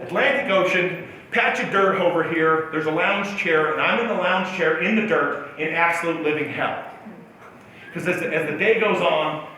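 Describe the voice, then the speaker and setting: A man's voice: high-pitched, sharp tone, slight background noise. A male motivational speaker telling a self-mocking personal story at a keynote talk in a large auditorium. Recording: echoey hall from far off.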